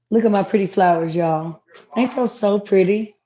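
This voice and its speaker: A woman's voice: medium pitch, moderate pace, warm tone, lo-fi sound. A woman chatting casually to viewers on a home livestream, reading comments aloud. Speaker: livestream host. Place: home, indoors.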